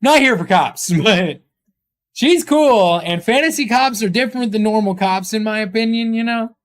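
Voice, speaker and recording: A man's voice: high-pitched, normal speed. A man chatting casually on a live stream, rambling and joking with his chat, swearing often.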